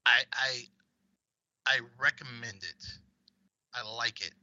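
A man rambles casually about games on a podcast, his voice very bright and forward. The sound is dry and close, though a little dull in band. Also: medium pitch, takes it slowly, dry recording. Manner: rambling, with many fillers and restarts. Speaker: podcast co-host.

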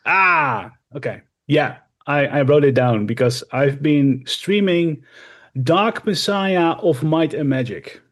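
A man's voice: on the high side, takes it slowly. Chatty man with a raised voice. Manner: rambling, animated storytelling with fillers. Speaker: podcast co-host and streamer. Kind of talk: casual chat.

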